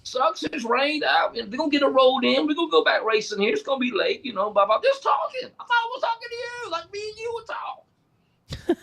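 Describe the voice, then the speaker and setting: A man co-hosting a racing chat show, telling stories in a casual, animated way and laughing as he goes. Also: very high voice, a little fast, vocal fry. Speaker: podcast co-host.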